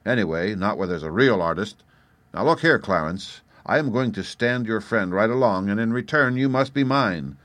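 A man narrating an audiobook in the first person, wry and expressive, and animated when he voices his own character's lines. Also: lowish voice, normal speed, no echo.

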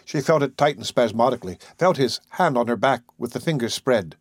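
Expressive male storyteller, dry and close. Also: medium pitch, a little fast, no room sound. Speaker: narrator. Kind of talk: scripted narration.

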